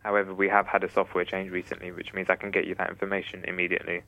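Deep-voiced man as a bored matter-of-fact archive clerk, fast and flat. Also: dry recording, highs cut off. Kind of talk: comedy dialogue.

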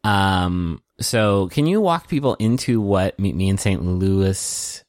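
A man's voice: low-pitched, expressive, slow pace, a little mellow, no room sound, clean studio sound. A man co-hosting a podcast, riffing and joking in a goofy, casual chat. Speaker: podcast co-host.

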